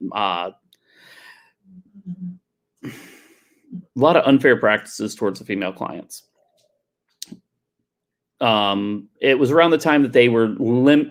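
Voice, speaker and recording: A middle-aged man with a somewhat low voice tells a long, rambling story in a casual, profane way. He speaks like a tattoo artist recalling old times.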